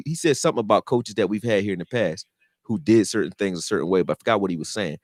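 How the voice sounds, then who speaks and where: A football video maker and fan commentator speaks at a quick pace in a voice on the low side. His casual rant is animated and profane, with quotes acted out. The studio-quality recording has no echo.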